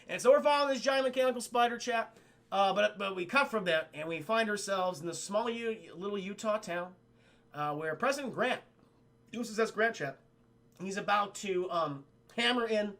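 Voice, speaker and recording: A high-pitched man recaps a film scene by scene for his live stream chat, animated and profane, mimicking the characters as he goes.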